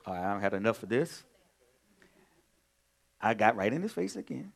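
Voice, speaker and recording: A male pastor preaching in a conversational way, moving from quiet storytelling to loud, emphatic points. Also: on the low side, lively intonation, moderate pace, creaky, pauses often. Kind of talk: sermon.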